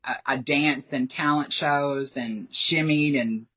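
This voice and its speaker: As a guest in a casual podcast interview, a woman with a very deep, slightly rough yet somewhat bright voice talks slowly and meanders, filling her sentences with "like" and laughing frequently. It's a dull, lo-fi recording.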